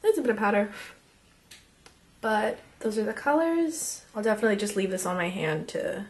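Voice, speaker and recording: Excitable young woman, gravelly voice. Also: mid-range voice, normal speed. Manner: chatty and excitable, drops to whispers. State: losing her voice. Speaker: beauty vlogger. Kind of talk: casual makeup swatch review.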